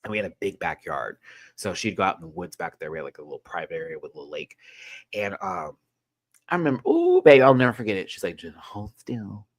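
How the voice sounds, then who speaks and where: A man hosting a casual show recap, telling a personal story with lively, rising excitement. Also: fast talker, no echo. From Texas. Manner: animated storytelling, jumps high when excited. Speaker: show host.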